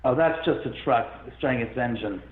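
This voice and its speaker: A man telling a long story as an interview guest, rambling and animated, with many restarts. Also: medium pitch, fairly quick. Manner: rambling, animated, full of restarts and self-quotes. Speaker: guest, haunted-house owner. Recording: phone-like line in an echoey room.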